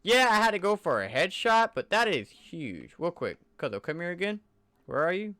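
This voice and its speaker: A man's voice: sits high, big pitch swings, normal speed, bright, forceful tone, no room sound. A man giving casual, enthusiastic commentary over gameplay footage in a loose, conversational way. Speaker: gaming channel creator.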